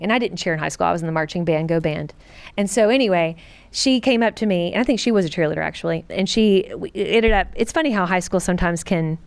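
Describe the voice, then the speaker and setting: Co-host, middle-aged woman: earnest, animated storyteller with a smooth, clear voice. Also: mid-range voice. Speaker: podcast co-host. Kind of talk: personal storytelling in a casual chat.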